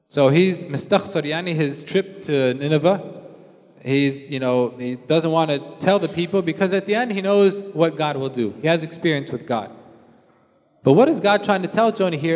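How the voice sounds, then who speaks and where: A man's voice: a little high, lively intonation, normal speed, a little mellow. Man preaching in a reverberant hall. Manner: conversational, acts out everyday scenes with quoted voices. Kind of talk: sermon.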